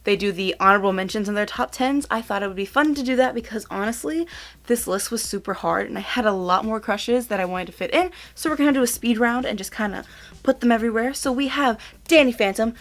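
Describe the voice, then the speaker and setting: A woman's voice: on the high side, fast talker. A young woman hosting a casual countdown vlog, gushing and giggly, filling her talk with "like" and "oh my God". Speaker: YouTuber.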